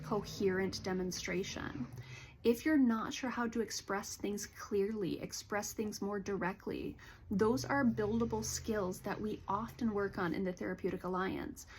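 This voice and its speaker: A woman counselor giving a calm, earnest educational talk to camera, explaining things gently. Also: medium pitch, a little hiss or hum. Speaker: licensed counselor.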